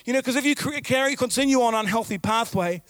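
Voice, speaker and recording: A man preaching a sermon as pastor, animated, with sudden shouted outbursts and repeated phrases. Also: very high voice, fast talker, dry recording.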